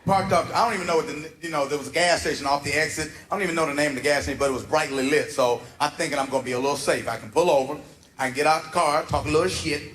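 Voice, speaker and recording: A man performing a stand-up routine, animated and acting out voices as he tells a story. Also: on the high side, very fast, a little hiss or hum. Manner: animated storyteller, acts out voices, laughs through lines. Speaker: stand-up comedian. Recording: live venue with loud audience laughter. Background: audience laughing and clapping.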